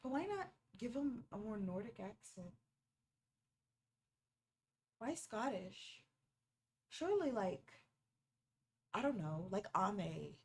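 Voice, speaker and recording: A woman's voice: mid-range voice, very animated, slow pace, long pauses. A woman streamer giving casual reaction commentary while watching a movie, playful and teasing and picking at small details.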